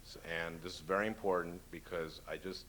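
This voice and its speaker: A fairly low-voiced man from Minnesota takes questions at a talk, joking in a dry, halting way with plenty of "uh"s. The recording carries a steady layer of hiss and noise. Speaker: author speaking at a talk. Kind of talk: comic Q&A talk. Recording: noisy lecture-hall recording.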